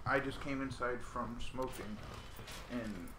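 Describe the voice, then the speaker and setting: A man's voice: mid-range voice, steady tone, unhurried, roomy sound, noisy background. A man streaming a game from home, chatting in a laid-back way with friends and viewers. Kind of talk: casual game stream chat.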